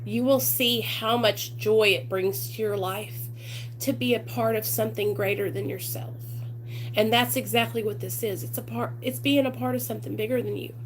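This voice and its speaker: A woman with a somewhat high voice chats directly to her viewers. Her talk is warm in its wording, loose and full of fillers like "you know" and "like". She keeps coming back to "you guys" and "y'all". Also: steady tone, normal speed, slight background noise. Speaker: recovery channel host.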